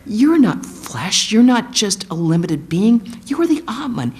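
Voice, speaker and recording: A woman giving a sermon, retelling an epic as animated storytelling and acting out the quotes. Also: mid-range voice, moderate pace, hardly any pauses. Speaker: guest speaker, monastic.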